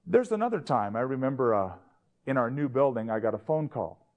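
Male pastor, mid-pitched voice, conversational storytelling sermon. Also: animated, fairly quick, muffled recording. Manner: conversational, anecdotal.

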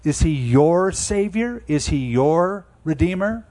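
A man in his sixties preaching with a somewhat high voice. He talks to the congregation in an easy, conversational way, then leans hard into the words that matter and slows right down on them. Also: animated, darkish tone. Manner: emphatic, conversational preaching with slowed key phrases. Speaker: pastor. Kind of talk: sermon.

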